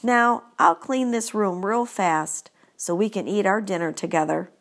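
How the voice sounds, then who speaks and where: A woman doing a booming cheerful janitor. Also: measured pace, fairly bright tone. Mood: friendly. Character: jolly loud male school janitor. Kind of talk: audiobook character voice.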